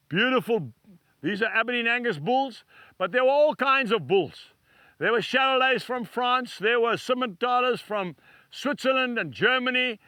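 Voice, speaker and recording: A man's voice: very high-pitched, bright, forceful tone, dry recording. A man preaching a devotional sermon to camera outdoors beside cattle stalls, emphatic and repetitive, weaving in a personal story.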